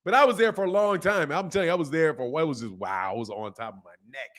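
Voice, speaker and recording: A man's voice: on the high side, fast, fairly bright tone. A middle-aged man hosting a casual live stream, talking loosely in slang and reading viewer questions aloud. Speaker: host of a boxing channel live stream.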